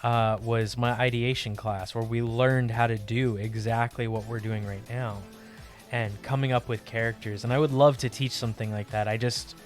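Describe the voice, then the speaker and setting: A young man chatting casually on a live art stream, rambling warmly about a character and greeting viewers by name. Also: medium pitch, little pitch movement, moderate pace, faint music behind. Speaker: livestream artist.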